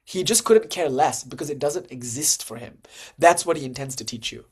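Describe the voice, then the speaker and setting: A man delivering a relaxed, informal spiritual lecture at a mid-range pitch. His talk is loose and conversational, with frequent fillers. He keeps it animated, with sudden lively bursts of emphasis. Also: normal speed, breathy edge. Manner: animated, jumps to lively acted-out dialogue. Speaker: lecturer on Hindu tantra and philosophy.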